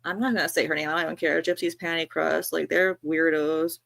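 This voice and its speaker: Gravelly-voiced chatty woman on a livestream. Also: low-pitched, fairly even intonation, fairly quick, fairly bright tone, no echo. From New York. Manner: chatty, drifting, lots of likes and fillers. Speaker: livestream co-host. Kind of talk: casual gossip chat.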